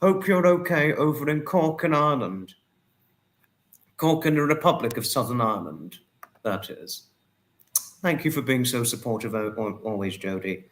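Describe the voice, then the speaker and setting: A man hosts a casual livestream and reads out viewer comments. He greets each person by name and thanks them at length. His voice sits at an ordinary middle pitch. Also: moderate pace, fairly bright tone. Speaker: livestream host.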